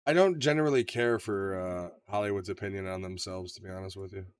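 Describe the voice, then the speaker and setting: A man co-hosting a casual podcast chat, profane and animated, acting out quotes in his stories. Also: low voice, fairly quick, smooth, dry recording, studio quality. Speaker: podcast co-host.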